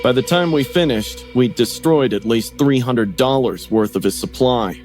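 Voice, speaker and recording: A man's voice: medium pitch, moderate pace. A man narrating a scripted horror story, acting out the dialogue in raised voices. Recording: music playing under the voice.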